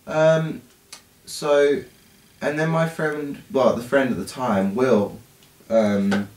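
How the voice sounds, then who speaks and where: A man's voice: medium pitch, fairly even intonation, slow, darkish tone, a little hiss or hum. A young man co-hosting a casual podcast, telling stories with lots of hesitant fillers. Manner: hesitant storyteller, many fillers. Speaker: podcast co-host. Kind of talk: casual chat. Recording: roomy, distant mic.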